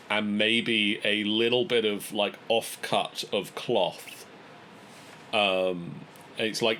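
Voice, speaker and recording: A man narrating a tabletop game as game master, describing scenes in a relaxed way with fillers. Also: lowish voice, slight background noise.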